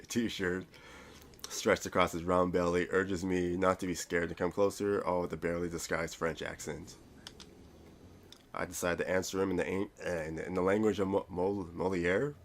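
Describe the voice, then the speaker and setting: A man's voice: sits low, fairly even intonation, moderate pace, fairly bright tone, slight background noise. A man reading a visual novel aloud, rambling and stumbling over words with self-mocking asides. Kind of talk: reading a game aloud with commentary.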